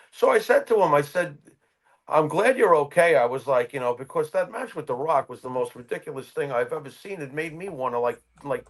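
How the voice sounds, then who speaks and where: A man co-hosting a wrestling podcast, telling a personal story in casual chat. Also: mid-range voice. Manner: animated anecdote teller. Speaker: podcast co-host.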